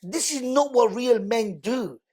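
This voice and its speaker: A man, a podcast guest telling personal stories in an animated way and acting out what other people said. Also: very high voice, unhurried, slightly rough. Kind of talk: emotional storytelling in conversation.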